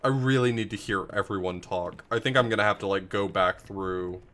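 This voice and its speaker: A man's voice: lowish voice, normal speed, a bit bright. A man streaming a game, thinking aloud and making self-deprecating asides in casual commentary. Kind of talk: casual live gameplay commentary.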